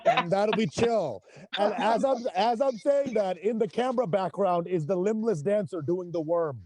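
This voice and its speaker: A man doing stand-up comedy with a lively voice that swings high and low as he laughs along at his own jokes. He is performing on a video call from outdoors in an industrial spot. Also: slow, a crowd in the background.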